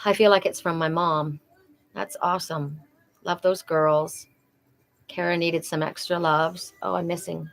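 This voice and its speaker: A woman's voice: lowish voice, fairly even intonation, a little slow, creaky. A middle-aged woman doing a live oracle card reading, talking earnestly and repeating phrases for emphasis.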